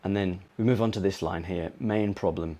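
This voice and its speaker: A British man teaching a pronunciation lesson, explaining slowly and repeating words to model them. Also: sits low, mellow. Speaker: English teacher.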